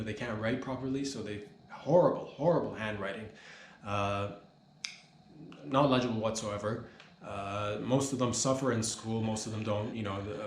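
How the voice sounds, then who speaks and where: A man rambles through a deadpan comedy monologue in a mock-serious tone, with plenty of "dude" and "man" thrown in. His voice sits in a middle register and sounds roomy and echoey, with a faint hiss of noise underneath. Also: mid-range voice. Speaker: comedy podcast host.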